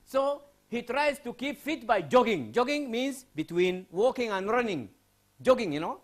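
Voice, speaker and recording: Lively male lecturer from Sudan. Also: very high voice, normal speed. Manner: lively, asks students questions and repeats phrases. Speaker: university English lecturer. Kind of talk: classroom lecture.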